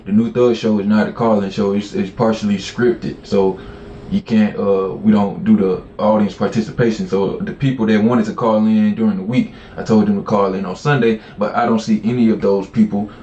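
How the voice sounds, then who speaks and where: Low-voiced relaxed podcast host in a roomy room. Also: male voice, moderate pace, lo-fi sound, slight background noise. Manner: relaxed, rambling, with fillers and mock prayer. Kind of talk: casual call-in podcast chat.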